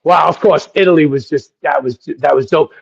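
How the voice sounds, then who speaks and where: A man being interviewed as a guest rapper, telling excited, rambling anecdotes full of profanity. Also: a little high, brisk, creaky, breathy edge. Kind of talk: casual interview storytelling. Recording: dull lo-fi audio.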